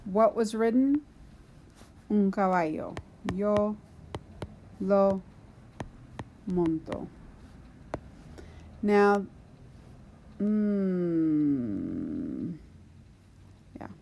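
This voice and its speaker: A woman's voice: medium pitch, very animated, drawn-out words, gravelly, long pauses, warm tone, a little hiss or hum. A woman teaching a recorded grammar lesson, patiently explaining and talking to herself as she writes on a board. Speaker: Spanish teacher.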